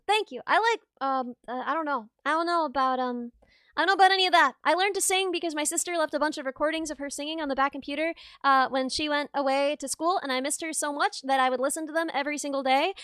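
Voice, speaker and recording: Bubbly bright-voiced woman streamer. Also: high-pitched, no room sound, studio quality. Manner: bubbly and excitable, quick to gush and laugh. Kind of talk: casual chat with live stream viewers.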